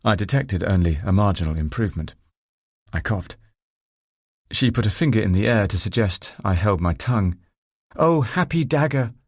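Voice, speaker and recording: Deep gravelly male audiobook narrator. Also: moderate pace, dry recording, clean studio sound. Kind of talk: first-person novel narration.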